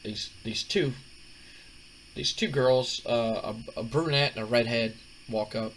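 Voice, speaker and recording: A man's voice: mid-range voice, unhurried, a bit bright, a little hiss or hum, rough recording. A man casually recapping a wrestling simulation game, rambling with many fillers and restarts. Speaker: gaming video host.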